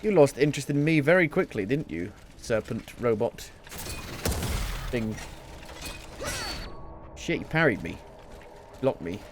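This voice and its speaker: A man's voice: mid-range voice, lively intonation, a little slow, pauses often, noisy background. A man giving casual, jokey live commentary while playing a video game, often muttering to himself. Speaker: gameplay streamer.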